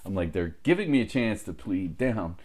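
A man with a very low, deep voice tells a long story in casual chat. He swears freely and acts out what everyone said. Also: normal speed. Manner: profane, animated anecdote-telling with quoted dialogue.

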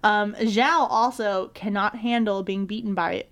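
A woman hosting a podcast, recapping episodes in an animated, laughing way with frequent swearing. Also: mid-range voice, unhurried. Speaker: podcast host.

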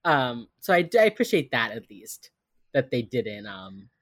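A woman's voice: extremely low pitch, a little slow, no echo, studio quality. A woman co-hosting a casual podcast, retelling a TV episode and acting out characters' lines as she goes. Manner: animated, acts out characters' lines while retelling. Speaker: podcast co-host recapping a TV episode. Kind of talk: casual chat.

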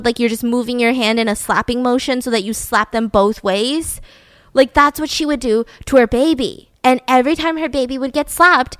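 A woman's voice: a little high, a bit bright, smooth, no room sound, studio quality. A young adult woman telling a true-crime story in a casual, blunt way, swearing and using lots of "like". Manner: chatty, blunt, swears, fills with "like". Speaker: podcast host.

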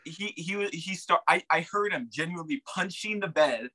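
A man's voice: a little high, lively intonation, moderate pace, bright, forceful tone, low-quality recording. A man telling a story in a casual podcast chat, laid-back and full of fillers.

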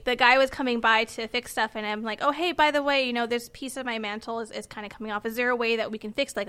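Woman, somewhat high, bright voice, chatty storyteller who laughs often and mimics others. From United States. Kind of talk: casual chat, telling anecdotes.

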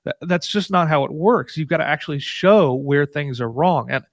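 This is a podcast guest, a man who argues in animated, emphatic bursts. His voice sits fairly high for a man. The recording is dry and close, with no room sound. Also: dry recording. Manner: emphatic and animated, quick asides. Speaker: guest, paper co-author. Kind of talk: casual academic debate.

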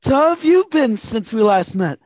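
Brief: very high eager boy detective, polite and chipper, loud, muffled mic, played by a man. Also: sing-song, normal speed, dry recording, exaggerated voice. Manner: polite, chipper, calls people sir.

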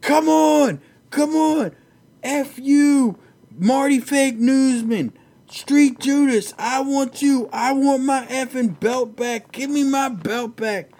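A man doing an impression of a brash male fighter, shouting taunts in a high, strained voice. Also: unhurried. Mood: taunting.

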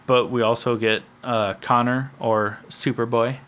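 A man's voice: mid-range voice, flat delivery, measured pace, a bit bright, a little hiss or hum. A young man co-hosting a podcast, chatting casually about a TV episode in a meandering way that often trails off mid-sentence. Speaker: podcast co-host. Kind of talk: casual chat reviewing a TV episode.

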